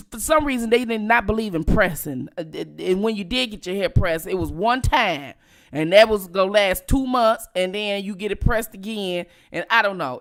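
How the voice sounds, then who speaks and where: A middle-aged woman tells a story to her viewers in a loose, animated way, cursing freely. Her voice sits fairly high. Its pitch swings widely. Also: gravelly. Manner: profane, animated, addresses viewers directly. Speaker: vlogger. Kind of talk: casual storytelling. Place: at home.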